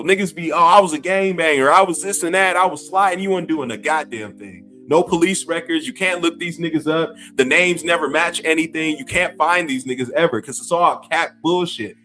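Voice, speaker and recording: A man's voice: a little high, fairly bright tone. A man in his fifties, a gaming YouTuber, ranting to camera with profanity and scornful laughter. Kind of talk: heated rant to camera.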